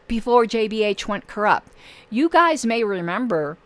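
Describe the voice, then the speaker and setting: A woman hosting her own channel in casual livestream talk, losing her voice and pausing often with fillers. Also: a little high, animated, fairly bright tone, dry recording. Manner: halting, many filler pauses. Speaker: political channel host.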